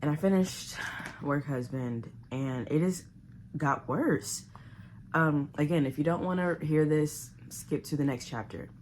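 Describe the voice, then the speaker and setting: A woman casually recapping a book to camera, animated and chatty. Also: sits low, a little slow, a little hiss or hum. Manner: chatty, animated retelling with loud quoted outbursts. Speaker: book vlogger.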